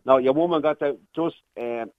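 A man's voice: medium pitch, normal speed, no echo. Man, 60s, Irish accent, caller, anecdotal storyteller, dull phone line. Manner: rambling anecdotal storyteller, acts out voices.

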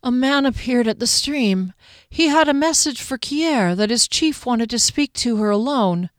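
A woman's voice: a little high, expressive, dry recording, pitched above the performer's own voice. Woman doing a shaken, wounded young male elf. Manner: pleading, shaky, halting.

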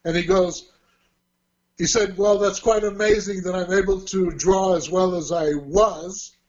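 Unhurried and fairly even in intonation, a high-voiced man in his sixties shares long, wandering stories as an interview guest, frequently laughing and correcting himself. The recording is muffled.

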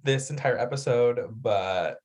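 A man co-hosting a podcast from the United States, chatting casually in a rambling, animated way. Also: medium pitch, a little slow. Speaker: podcast co-host. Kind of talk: casual chat.

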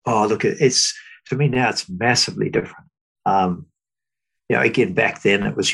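A middle-aged man speaking as an interview guest, reflecting thoughtfully with halting restarts and fillers. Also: lowish voice, vocal fry, fairly bright tone, husky, poor audio.

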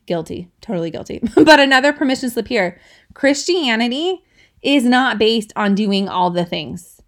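A woman's voice: a little high, a little slow. Chatty woman podcast host teaching. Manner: chatty, asks listeners "right?", laughs between points. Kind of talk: casual devotional teaching.

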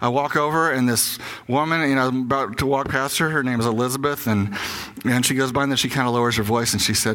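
A man's voice: mid-range voice, fairly even intonation, fast talker, a bit bright. An older man giving a conversational sermon as a pastor, telling candid personal stories and acting out his own doubts aloud.

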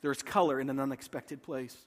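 A man's voice: medium pitch, steady tone, a little fast, in a large hall. A man preaching a sermon, retelling a scripture story dramatically and acting out the voices of its figures. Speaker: pastor.

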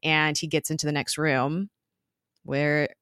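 Podcast co-host, woman, low voice, casual recap, laughs easily. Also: little pitch movement, unhurried, a bit bright, clear, resonant tone, no echo, clean studio sound. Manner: chatty, laughs often, recounts scenes with quoted voices.

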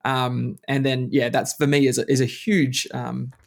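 A man who works as a strengths coach, hosting a podcast interview and talking in a reflective, steady way with frequent restarts. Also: medium pitch, a little slow, gravelly. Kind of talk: conversational interview.

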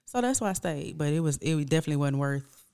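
A woman's voice: sits low, fast, creaky, smooth. A woman in her thirties co-hosting a podcast, chatting casually and acting out quotes as she tells stories. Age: 30s. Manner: animated storyteller, acts out quotes. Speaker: podcast co-host. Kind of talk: casual chat.

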